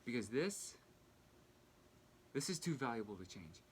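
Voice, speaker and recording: A young man talking earnestly in a personal vlog, halting and restarting as he fights back tears. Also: mid-range voice, sing-song, a little mellow, a little hiss or hum. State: tearful, fighting back crying. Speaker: vlogger.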